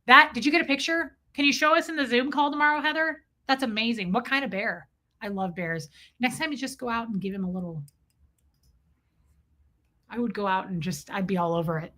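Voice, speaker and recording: A woman hosting a livestream, telling an animated, profane, comic story and greeting her viewers in a casual way. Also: fairly high pitch, fairly quick. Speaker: livestream host.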